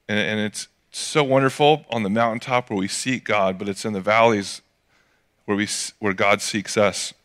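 A man's voice: on the low side, steady tone, normal speed, a bit bright. A middle-aged man preaching a sermon in a casual storytelling way, from California, with jokey asides. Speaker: pastor.

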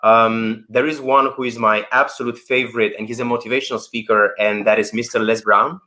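A man being interviewed over a video call, talking about presenting online in an animated, emphatic way. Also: mid-range voice, a little fast. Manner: animated, emphatic, acts out anecdotes. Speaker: guest, presentation coach.

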